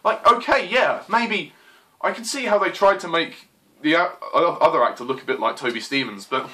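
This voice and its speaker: A man's voice: fairly high pitch, normal speed, bright, forceful tone. A young man reviewing a film in a frustrated, exclaiming rant, swearing and apologizing as he goes. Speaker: movie reviewer. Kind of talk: exasperated movie rant.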